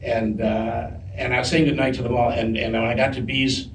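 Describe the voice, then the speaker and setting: A man telling a story to a live audience on stage, animated and often breaking into laughter. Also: mid-range voice, a little fast. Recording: echoey distant live room recording with noise.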